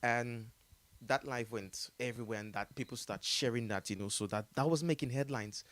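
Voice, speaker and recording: A man's voice: medium pitch, normal speed, fairly bright tone, no echo. A man with a Jamaican accent telling a story in a casual interview, rambling with many fillers and frequent laughter. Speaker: artist telling his story as a guest.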